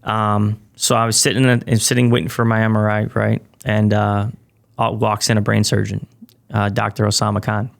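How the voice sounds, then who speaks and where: Gravelly-voiced man telling a story. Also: on the low side, moderate pace. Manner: animated, acts out quoted people. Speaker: podcast guest. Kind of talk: casual storytelling.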